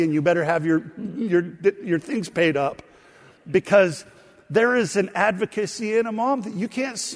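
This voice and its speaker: A pastor preaching a sermon to his congregation, telling stories and throwing asides to the people in the pews. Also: on the high side. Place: church sanctuary. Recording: long hall reverb.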